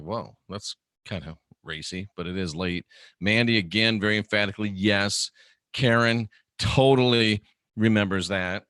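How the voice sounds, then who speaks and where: Man, livestream host, bright forceful voice, dry close sound, muses and reads chat comments aloud. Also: fairly low pitch, no echo.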